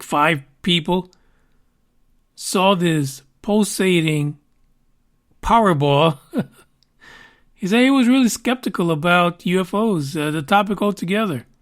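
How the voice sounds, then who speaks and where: High-voiced rambling podcast man. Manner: rambling and conversational, with fillers and swearing. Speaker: podcast host. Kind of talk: casual podcast monologue.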